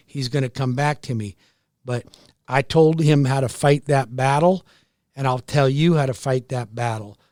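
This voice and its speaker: An older American man hosts a talk radio show, speaking earnestly and folksily and repeating his phrases. His voice sits at an everyday middle pitch. The studio mic sounds dry and close, with no room echo. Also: a little mellow. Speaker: radio show host and mortgage lender. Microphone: studio microphone.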